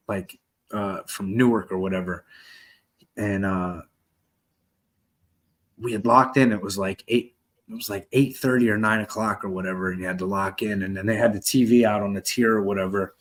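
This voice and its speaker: Podcast host, husky-voiced man, rambling profane anecdotes. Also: on the low side. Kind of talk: casual storytelling.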